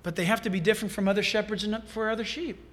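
A man preaching a sermon as a pastor, animated and humorous, with asides to the congregation. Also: sits high, racing.

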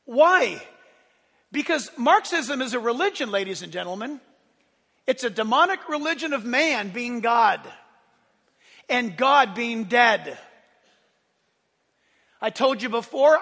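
A man's voice: very high-pitched, bright, forceful tone, in a large hall. A middle-aged man preaching a sermon as pastor in a church sanctuary, impassioned and emphatic.

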